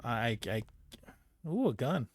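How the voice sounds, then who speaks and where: A man's voice: mid-range voice, sing-song, takes it slowly, background noise. A man streaming a horror game, reading its text aloud with wry, muttered asides. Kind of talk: casual let's-play commentary, reading game text aloud.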